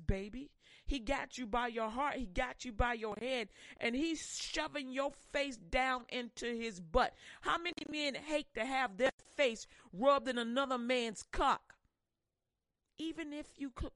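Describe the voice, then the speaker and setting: Woman preacher, fiery sermon, intense, loud then hushed, high pitch. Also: no echo. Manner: intense, swings between loud pushes and hushed warnings.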